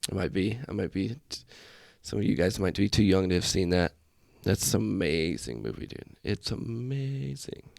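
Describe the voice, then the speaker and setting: With a gravelly, darkish, low-pitched voice and lively intonation, an airman talks at a moderate pace with few pauses on his casual solo podcast. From a small, festively lit room at a laptop desk setup, he rambles with self-deprecating tangents, and the audio is clean studio sound with no room echo.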